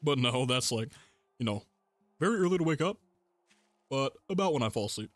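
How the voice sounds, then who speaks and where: A young man streaming a game, chatting casually in a rambling, relaxed way and laughing often between thoughts. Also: medium pitch, brisk, soft background music. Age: young adult. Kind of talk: casual gaming livestream chat.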